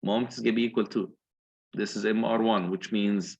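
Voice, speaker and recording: A man's voice: lowish voice, fairly even intonation, normal speed, vocal fry, darkish tone, breathy edge, lo-fi sound. A man lecturing on engineering, working through calculations step by step and putting questions to his students. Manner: methodical, asks the class questions.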